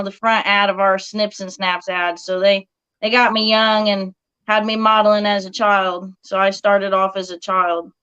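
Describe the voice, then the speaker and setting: A woman's voice: mid-range voice, fairly bright tone, clean tone, highs cut off. A woman from Southern Illinois with a country-leaning accent, a guest model chatting in an interview and laughing often. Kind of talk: casual interview chat.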